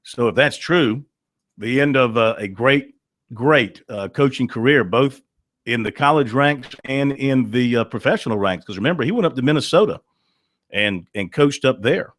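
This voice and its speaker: A man's voice: medium pitch, animated, normal speed, a bit bright, no echo, clean studio sound. A man hosting a call-in sports radio show, chatting in a folksy, storytelling way with plenty of fillers. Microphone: studio microphone.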